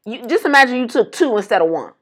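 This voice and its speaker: A woman, co-hosting a casual chat and telling animated stories. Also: on the high side, fast talker, slightly rough. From Detroit. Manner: animated storytelling, acts out quotes. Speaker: podcast co-host.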